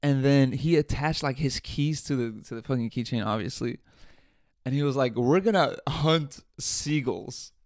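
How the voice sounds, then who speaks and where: Man, podcast host, casual swearing storyteller, mid-pitched, dead-dry mic. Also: normal speed, no room sound. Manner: profane, animated storytelling with laughs.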